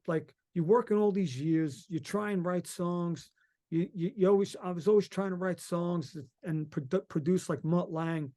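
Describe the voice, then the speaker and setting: A middle-aged man from Long Island, a musician guest telling stories in a rambling, excited way and swearing freely. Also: on the high side. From Long Island, New York. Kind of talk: casual interview chat.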